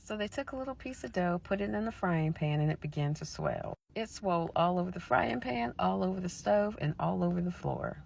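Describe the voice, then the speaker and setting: A woman's voice: lowish voice, expressive, fairly quick, creaky, hardly any pauses, a little hiss or hum. A woman reading and telling old folklore in a casual, chatty way, with asides to her viewers. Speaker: folklore storyteller. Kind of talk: casual storytelling narration.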